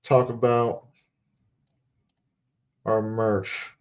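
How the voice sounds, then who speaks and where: A man's voice: on the low side, little pitch movement, extremely slow, darkish tone, smooth. A man casually talking through a live sports stream, repeating himself and muttering asides. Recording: dull lo-fi stream audio.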